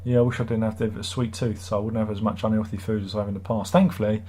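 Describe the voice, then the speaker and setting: Husky, teasing middle-aged man. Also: fairly low pitch, little pitch movement, very fast, dark tone. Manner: sarcastic, rambling, teasing. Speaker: livestream host. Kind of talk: casual livestream chat reading comments.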